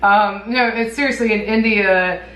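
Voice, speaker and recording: A woman's voice: medium pitch, steady tone, unhurried, crowd noise. A woman with a Southern US accent, co-hosting a casual travel vlog chat and laughing often. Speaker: vlog co-host. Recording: echoey room, faint ambience.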